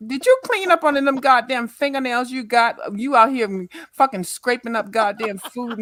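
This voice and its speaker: A middle-aged woman sounds off on a live call, loud and profane. Her fairly high voice swoops up and down as she rants, and the sound is dry and close with no room around it. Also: no echo. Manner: loud, cussing, animated ranting. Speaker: YouTuber guest on a live panel. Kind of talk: profane livestream panel chat.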